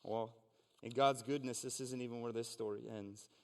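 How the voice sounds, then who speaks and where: A man delivering a sermon in a church, moving between reading scripture and earnest, conversational asides. His mid-pitched voice carries a long reverb from the hall around him. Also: fairly even intonation, normal speed. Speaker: pastor. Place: church sanctuary.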